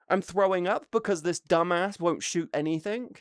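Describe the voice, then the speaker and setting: A woman streaming live, telling a gaming story in a casual, excitable way, swearing often and laughing between words. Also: lowish voice, moderate pace, few pauses, no room sound, studio quality. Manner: excitable, swears a lot, laughs mid-sentence.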